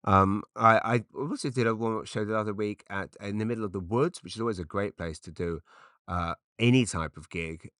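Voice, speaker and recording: Rambling English comedian, dry sound. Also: male voice, on the low side, a bit bright, dry recording. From England. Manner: chatty, self-interrupting, quick asides. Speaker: podcast host. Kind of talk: rambling comic monologue. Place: makeshift home studio padded with cushions.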